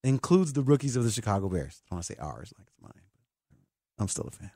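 A man hosting a sports talk show, excitable and emphatic like a hyped fan. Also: fairly low pitch, quick pace, dry recording, studio quality. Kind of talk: animated sports podcast talk.

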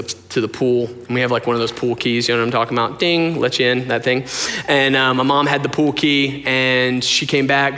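A man's voice: mid-range voice, sharp tone. A man, a pastor, telling a story in a casual, rambling, self-deprecating sermon with plenty of fillers. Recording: long reverb of a large hall.

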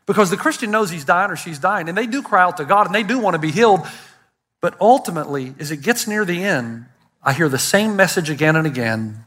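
Older pastor guy preaching, high bright voice, jokey storyteller with a live crowd. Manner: animated storytelling preacher, quick asides and self-deprecating humor. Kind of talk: sermon. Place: church stage before a congregation.

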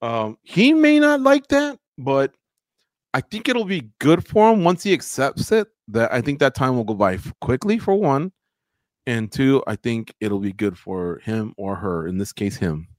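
A man talking through fight results in a casual, opinionated way, his voice sitting at an ordinary middle pitch. The sound is dry and close, with no room around it. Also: sing-song, unhurried, no echo. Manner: chatty, opinionated, recaps results. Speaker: podcast host. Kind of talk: casual sports talk.

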